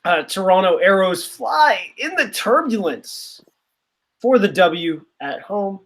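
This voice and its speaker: Rambling sarcastic podcast co-host. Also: male voice, high voice, lively intonation, slow, fairly bright tone. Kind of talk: casual chat.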